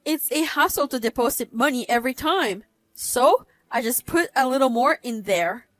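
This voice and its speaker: A woman in her thirties tells her story in first person, cool and cutting. Her voice is somewhat high and sounds dry and close. She speaks matter-of-factly. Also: animated, normal speed, a bit bright, dry recording. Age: 30s. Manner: cold, cutting, matter-of-fact. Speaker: narrator.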